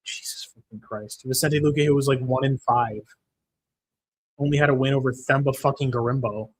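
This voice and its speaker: A man's voice: medium pitch, fairly even intonation, brisk, breathy edge. A young man hosting a live fight-watching stream, ranting with heavy swearing about a lost bet and reading viewer comments aloud. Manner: profane, frustrated ranting; reads chat comments aloud. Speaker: livestream host.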